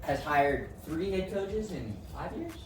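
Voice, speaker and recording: A man's voice: fairly high pitch, big pitch swings, a little slow, echoey room, recorded from a distance, soft background music, rough recording. A man co-hosting a casual sports chat, laid-back and dryly joking. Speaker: co-host.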